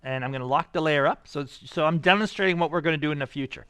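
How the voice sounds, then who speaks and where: An energetic male art teacher who talks his students through a live drawing demonstration. His voice sits a little high, and the recording is close and dry with no room sound. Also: very fast, smooth, no echo.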